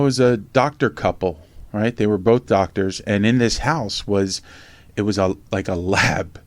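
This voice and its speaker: A middle-aged podcast host and memoir author from Norristown, Pennsylvania, USA, recounts his life story in a casual interview. He's animated and blunt, swears freely, acts out quotes and voices in his tales, and often says "right?". His voice sits on the low side, with no room sound.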